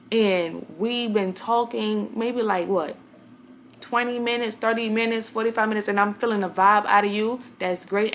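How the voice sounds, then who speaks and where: A woman's voice: medium pitch, a little hiss or hum. A young woman from Brooklyn, New York, talking casually to camera as a vlogger, a blunt and chatty storyteller who speaks straight to her viewers.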